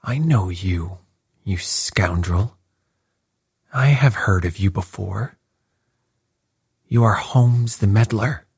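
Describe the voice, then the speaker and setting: A man voicing a fierce, furious old man who snarls and shouts, with a husky voice. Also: lowish voice, takes it slowly, long pauses, dry recording, studio quality, full character voice.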